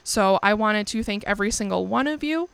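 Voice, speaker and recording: Gravelly-voiced young woman hosting a casual podcast. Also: medium pitch, expressive, brisk, a bit bright, no echo. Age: young adult. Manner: candid and profane, laughing often. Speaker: podcast host. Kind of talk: casual solo podcast chat.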